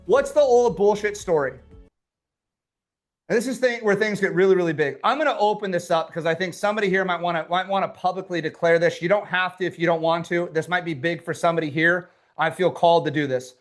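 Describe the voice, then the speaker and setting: A man's voice: sits high, lively intonation, fairly quick, a bit bright, faint music behind. A man coaching a live online workshop, fired-up and pushy, who swears casually as he urges people on. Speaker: business coach running a workshop.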